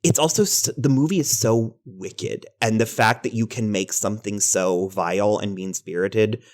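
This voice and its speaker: A man co-hosting a podcast in casual chat, animated, laughing often and trailing off mid-sentence. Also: fairly low pitch, normal speed.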